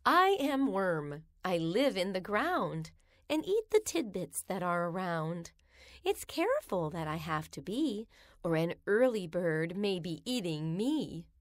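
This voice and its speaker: A woman reading children's rhymes aloud in a slow, sing-song storybook manner. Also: lowish voice, big pitch swings, no echo.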